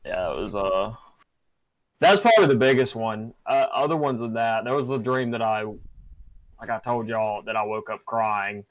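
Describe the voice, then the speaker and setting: A man's voice: fairly low pitch, lively intonation, normal speed, no room sound, low-quality recording. A young man hosting a podcast, telling a personal story casually with many fillers and restarts. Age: young adult. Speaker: podcast host.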